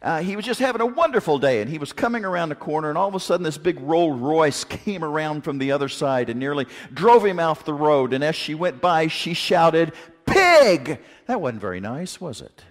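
A man preaching a sermon in a folksy, joking, animated way, mixing stories with scripture. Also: a little high, fairly quick, hardly any pauses. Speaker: pastor. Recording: long hall reverb.

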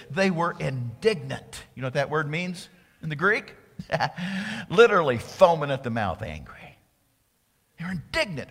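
A male pastor preaches with a lively, swooping delivery, acting out the voices of the people in his story. His voice sits a little high for a man. It rings with long reverb, as in a large hall. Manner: animated preaching, acts out voices of crowds and priests. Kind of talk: sermon.

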